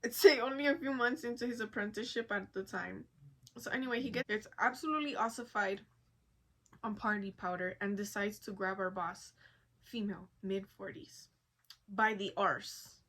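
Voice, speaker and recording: A woman's voice: medium pitch, normal speed, fairly bright tone, natural voice. A woman reading a wild office-party story aloud in a put-on Irish accent, voicing a brash Irish storyteller in a playful, unsure way. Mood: mock-serious.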